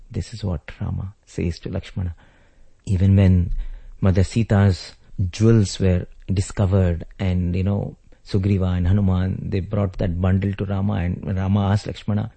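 A man with a low, husky voice retells sacred stories in a spiritual discourse. He speaks reverently, and the tone is mellow and dark. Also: flat delivery, moderate pace. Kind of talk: devotional storytelling discourse.

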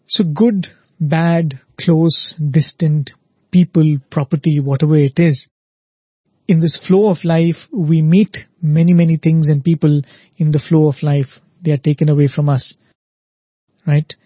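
A man gives a spiritual talk in a slightly high, mellow voice, explaining patiently and tossing in "right?" to keep listeners with him. The voice is a little husky. The recording is dull and dry, with no room sound. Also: fairly even intonation, measured pace, dry recording. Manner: explanatory, often adds "right?" to check in with listeners. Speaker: spiritual speaker.

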